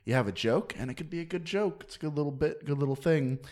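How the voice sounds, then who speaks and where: A man's voice: fairly high pitch, quick pace, a little mellow. A man co-hosting a casual podcast chat, blunt and teasing as he critiques a friend's comedy. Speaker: podcast co-host.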